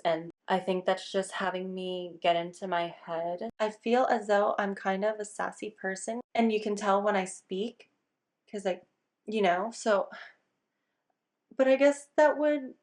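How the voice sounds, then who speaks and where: A woman's voice: fairly low pitch, low-quality recording. A young woman vlogging casually, chatty and self-conscious, clipping her words short. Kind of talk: casual vlog talk. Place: home kitchen, then car.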